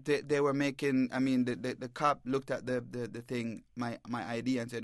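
Halting man recounting an ordeal. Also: mid-range voice, little pitch movement, no room sound, clean studio sound. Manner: halting, repeats words, stammers. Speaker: newspaper reporter, interview guest. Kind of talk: emotional first-person account. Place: radio bureau studio.

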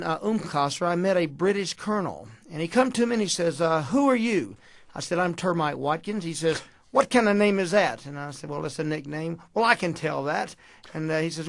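A man with a rough, gravelly voice sits slightly above the usual pitch. He tells his stories with folksy color, acting out the dialogue. The sound is dry and close. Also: fairly bright tone, dry recording. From Houston, Texas. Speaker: boxing coach. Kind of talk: storytelling interview.

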